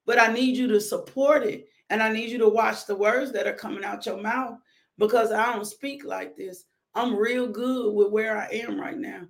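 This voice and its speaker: A woman minister giving a devotional sermon, emphatic and repeating her phrases in casual speech. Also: fairly high pitch.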